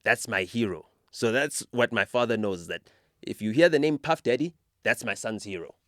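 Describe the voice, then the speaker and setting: At a moderate pace and medium pitch, a South African-accented host leads a casual podcast conversation, speaking passionately and growing animated in his storytelling. The sound is dry and studio-clean.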